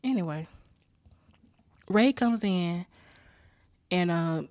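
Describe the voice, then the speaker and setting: A woman's voice: fairly low pitch, extremely slow, darkish tone, no room sound. Woman ranting with profanity, dry sound. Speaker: TV episode reviewer. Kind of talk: casual reaction recap.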